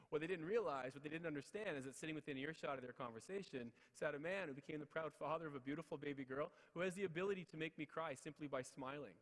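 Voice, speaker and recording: Man, 30s, motivational keynote speaker, rapid storytelling delivery with refrains, recorded in a reverberant ceremonial hall. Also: a little high. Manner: storytelling with repeated refrains and acted-out quotes. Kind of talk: motivational speech with personal stories. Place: large ceremonial hall at city hall.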